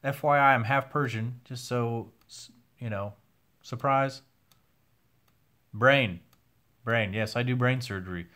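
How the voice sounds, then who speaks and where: A man's voice: medium pitch, slow pace, long pauses, pushed and bright. A young man hosts a casual livestream Q&A, reading questions from chat and answering them candidly with the odd swear. His voice sounds tired and worn from long talking. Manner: candid, swears now and then, reads chat questions aloud. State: losing his voice. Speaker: host answering viewer questions.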